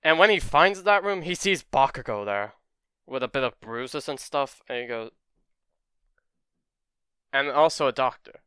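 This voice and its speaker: A man's voice: medium pitch, animated, a little slow, pauses often, sharp tone, clean tone, no echo, studio quality. A man casually narrating a fan story in a rambling way, correcting himself as he goes.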